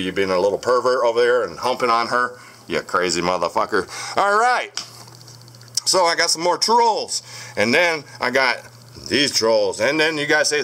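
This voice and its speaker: A man who runs a haunted-doll channel addresses his commenters head-on, swearing and picking fights in a casual vlog. His medium-pitched voice sounds bright and forceful. A camera on a stand captures him in a room at home with dolls and a crib.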